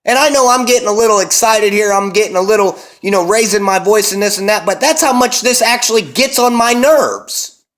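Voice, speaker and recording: A young man and parent delivering a heated, emphatic monologue, cursing often and slowing down to hammer his points. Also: high voice, fairly bright tone. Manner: intense, emphatic, heavy cursing, slows to hammer key words. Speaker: vlogger and parent.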